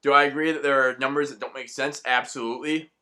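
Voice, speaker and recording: A man's voice: medium pitch, fairly even intonation, fast talker, pushed and bright. A man delivering an angry, profanity-laced ranting monologue as a vlogger.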